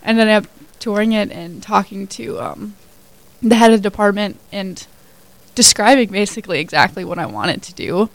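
Chatty young woman with a creaky voice. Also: mid-range voice, moderate pace, no echo, rough recording. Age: 20s. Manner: chatty storyteller with many fillers. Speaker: guest, new hire. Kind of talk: casual radio interview.

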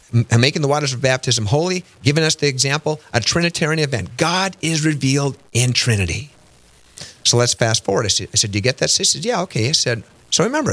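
A man hosting a faith radio talk show, teaching with animated storytelling and frequent rhetorical questions. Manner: animated storytelling, acts out quoted voices with big pitch jumps. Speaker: radio host. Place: radio studio.

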